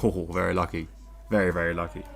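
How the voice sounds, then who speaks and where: A man's voice: low voice, little pitch movement, fast, vocal fry, faint music behind. A man co-commentating a live online racing league, laid-back and self-mocking, laughing at himself often.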